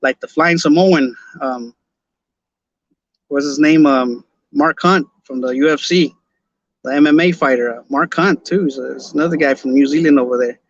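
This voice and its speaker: A man's voice: fairly high pitch, normal speed, dry recording, lo-fi sound. A man from Los Angeles with a Chicano accent, hosting a podcast in loose live-stream chat, full of slang and restarts. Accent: Chicano English. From Los Angeles, California. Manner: laid-back slangy talk, many restarts and repeated words. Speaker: podcast host.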